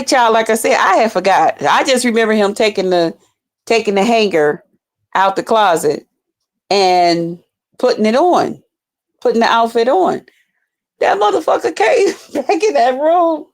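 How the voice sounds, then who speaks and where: A woman telling a story to her viewers in a casual vlog, cursing freely and calling them y'all. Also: a little high. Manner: profane, animated, addresses viewers as y'all. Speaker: YouTuber telling stories to viewers.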